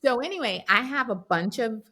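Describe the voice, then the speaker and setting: A woman's voice: on the high side, a little fast. A woman in her thirties co-hosting a casual chat podcast, telling stories with lots of animation and acting out what others said. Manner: animated storyteller, acts out quoted dialogue. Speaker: podcast co-host.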